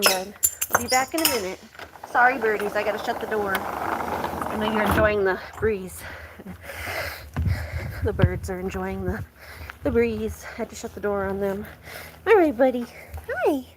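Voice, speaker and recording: A woman's voice: mid-range voice, very noisy. A woman chatting casually in a vlog while caring for her farm animals, talking sweetly to them. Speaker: animal vlogger.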